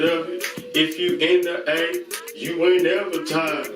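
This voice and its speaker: A man hosting a casual vlog, excitedly giving shout-outs and chanting catchphrases. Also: fairly high pitch, unhurried. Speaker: host reviewing online comedy channels. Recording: roomy echo, mic at a distance, music behind.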